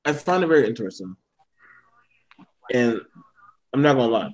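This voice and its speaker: A man's voice: mid-range voice, expressive, normal speed, rough recording. A man in a casual panel discussion, speaking bluntly and heatedly, with plenty of swearing.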